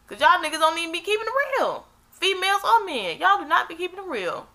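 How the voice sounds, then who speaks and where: A woman's voice: extremely high pitch, big pitch swings, fast talker, sharp tone. A young woman talking bluntly and emphatically in a casual chat, swearing freely.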